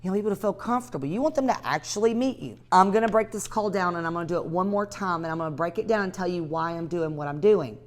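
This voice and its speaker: A woman teaching a live class on real estate cold calling. She talks to her students by name in an energetic, direct way. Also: on the low side, fast, few pauses. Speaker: real estate investing instructor.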